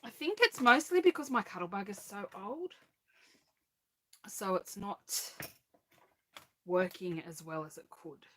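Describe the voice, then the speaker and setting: A woman's voice: mid-range voice, animated, unhurried, long pauses, fairly bright tone, slight background noise. A woman hosting a live crafting stream, chatting casually as she narrates each step and laughs at her own mishaps. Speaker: crafting channel host.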